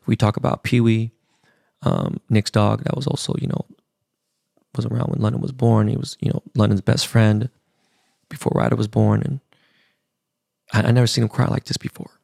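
Gravelly candid podcast host. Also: male voice, on the low side, little pitch movement, moderate pace, long pauses, darkish tone, no echo, clean studio sound. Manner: candid, emotional storytelling with profanity. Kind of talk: casual podcast monologue.

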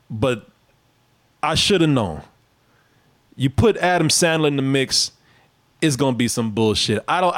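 Animated, profane man chatting about movies. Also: mid-range voice. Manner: animated, profane, laughing asides. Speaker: podcast co-host. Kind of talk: casual movie-review chat.

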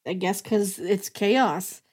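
A woman's voice: medium pitch, slow, a little mellow, breathy edge. A young woman chatting casually about an old cartoon, laughing often and acting out the characters' lines. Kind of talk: casual chat recapping a cartoon.

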